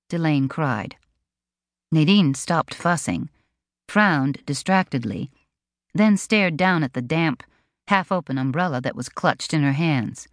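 A woman narrating an audiobook with a low voice and animated, expressive storytelling. Her pitch moves freely through each sentence, and the studio recording is dry and close, with no room sound. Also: a little slow, no echo.

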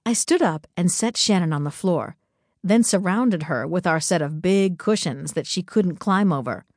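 A woman narrating a first-person story in a slow, intimate, measured reading on a close studio mic. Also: fairly low pitch, a little mellow, no room sound. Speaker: audiobook narrator.

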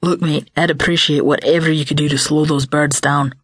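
A young hero talks fast and wry, unbothered and a little low, as a woman narrator voices him. The read is close and dry, an audiobook booth sound. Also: fairly even intonation, slightly rough, dry recording. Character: young male immortal hero, brisk and wry.

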